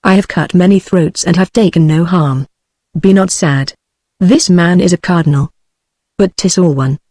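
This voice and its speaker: A computer-generated British woman's voice reading the lines of a drunken, boastful young man from an old novel, in an even machine tone. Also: lowish voice, moderate pace, dry recording, clean studio sound, close to an everyday voice. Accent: British English. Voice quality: flat synthetic reading.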